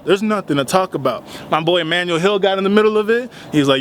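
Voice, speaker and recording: A young man in a casual vlog, retelling a dispute in an animated, heated way. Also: sits high, fast, hardly any pauses, a little hiss or hum. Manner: animated, retells arguments with rising heat. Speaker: vlogger.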